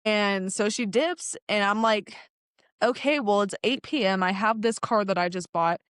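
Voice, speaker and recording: A young adult woman telling a casual story in an animated way, laughing often and acting out the lines of the people in it. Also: mid-range voice, moderate pace, smooth, dry recording, studio quality. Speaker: guest telling her car story.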